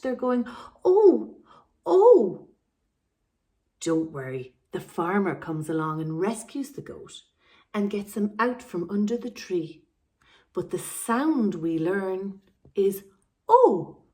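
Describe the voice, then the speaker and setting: Slow, patient Irish woman teacher. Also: medium pitch, dark tone. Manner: slow, clear sounding-out of letters for small children. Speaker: primary school teacher. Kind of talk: remote phonics lesson for young children.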